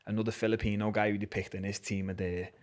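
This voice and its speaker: A man's voice: fairly low pitch, little pitch movement, fast. A young man with a Liverpool Scouse accent telling a story in casual, swearing, slang-heavy chat. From Liverpool, England. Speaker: guest, MMA fighter.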